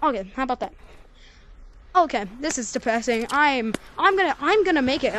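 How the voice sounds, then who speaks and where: A young female gamer giving rambling, excitable commentary over her gameplay and yelling when she fails. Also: high-pitched, a little fast, background noise. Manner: excitable, yells at failures, rambling. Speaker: gaming channel creator.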